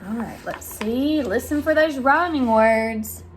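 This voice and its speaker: A woman speech therapist reading a picture book aloud to young children, asking questions and over-articulating sounds in a sing-song manner. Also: a little hiss or hum. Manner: slow, sing-song, with big exaggerated pitch jumps for praise; overarticulates sounds for young listeners.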